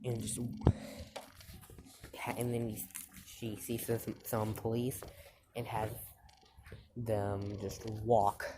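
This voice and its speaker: A woman with an unusually deep voice tells a fan story slowly and casually. She rambles, restarts often and leans on fillers. A noisy hiss runs under the recording.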